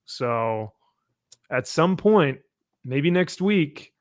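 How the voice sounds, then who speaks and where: A man hosting a live comic book chat show, animated and laughing often as he reads viewer comments. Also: on the high side, extremely slow. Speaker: host. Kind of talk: casual chat.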